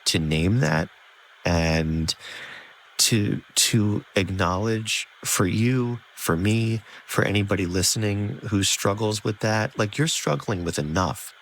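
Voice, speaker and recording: A man's voice: fairly low pitch, slow, slight background noise, rough recording. A man hosting a podcast, talking earnestly and searchingly with many fillers. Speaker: podcast host. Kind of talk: empathetic conversational interview.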